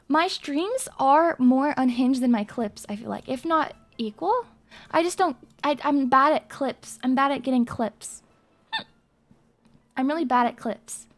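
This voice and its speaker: A woman's voice: high voice, measured pace, soft background music. A young woman streaming live, chatting in a hyper, rambling and crude way with her viewers. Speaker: VTuber streamer. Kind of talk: casual live-stream chat.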